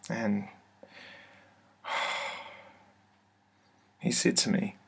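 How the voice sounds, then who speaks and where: A man telling a personal story to his webcam in an office, hesitant and soft-spoken, full of fillers and restarts. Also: on the low side, steady tone, unhurried, vocal fry, long pauses, husky. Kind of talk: casual first-person testimony. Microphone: computer webcam mic.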